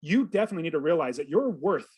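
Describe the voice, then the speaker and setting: A man in his thirties, a podcast guest, telling a personal story with earnest, animated feeling and acting out his own thoughts. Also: a little high, very fast, breathy edge. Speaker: podcast guest, real estate investor. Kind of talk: storytelling in an interview.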